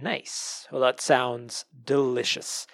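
A man's voice: medium pitch, fairly even intonation, slow pace, gravelly, fairly bright tone, dry recording. A man hosting a podcast in casual chat, upbeat and jokey, laughing easily. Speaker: podcast host.

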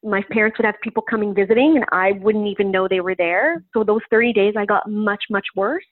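A woman's voice: mid-range voice, brisk, no echo. A woman guest in an interview, recounting a personal story in a chatty way with frequent "um" fillers. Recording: tinny phone-line sound, dry.

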